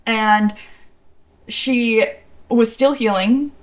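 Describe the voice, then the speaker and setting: A woman's voice: on the high side, steady tone, very slow. Chatty young woman sharing trivia. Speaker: podcast co-host. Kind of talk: casual chat reviewing a TV episode.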